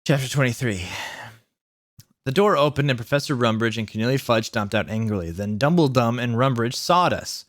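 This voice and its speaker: Animated young man reading aloud. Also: medium pitch, normal speed, no echo, clean studio sound. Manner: animated, laughing through lines. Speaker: YouTube reader.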